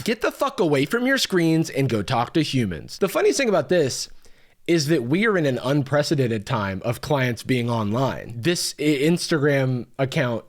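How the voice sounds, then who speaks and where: Guy doing snarky reaction commentary, laughs a lot, pitch jumps all over. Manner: sarcastic, mocking, laughs often. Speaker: commentary host.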